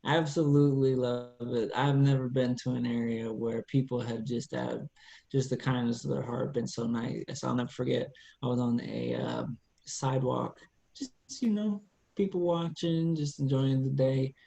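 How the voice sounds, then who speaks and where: A podcast co-host from central Pennsylvania, telling stories in relaxed, rambling casual chat. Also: male voice, medium pitch, normal speed, creaky, highs cut off.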